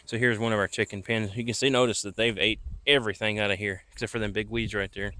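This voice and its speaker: A man's voice: lowish voice, flat delivery, fast talker, pushed and bright. A man casually showing viewers around his rural property at night in an easygoing, rambling vlog, recorded outdoors on a handheld camera. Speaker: vlogger. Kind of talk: casual walking tour vlog.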